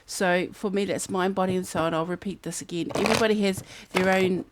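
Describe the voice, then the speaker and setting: A woman's voice: lowish voice, steady tone, brisk, noisy background. Chatty New woman reading tarot. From New Zealand. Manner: chatty, musing aloud, breaks into snatches of song. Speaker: tarot card reader. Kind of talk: casual tarot reading to camera. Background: fan humming in the background.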